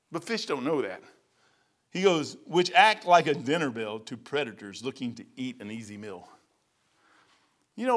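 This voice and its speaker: A middle-aged man preaching a sermon in a folksy, animated storytelling way, calling listeners man and brother. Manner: folksy storytelling, animated swings in pitch and loudness; casual slang, addresses listeners as man and brother.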